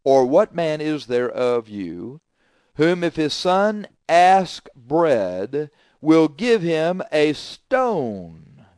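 A middle-aged man preaching a sermon, emphatic and repetitive, swinging between loud declarations and quiet asides. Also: fairly high pitch, very animated, extremely slow, smooth, no echo, clean studio sound.

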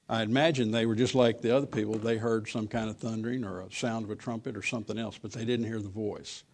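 A man preaching a sermon, reading old scripture verses slowly and then talking them over plainly with fillers and restarts. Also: mid-range voice, creaky.

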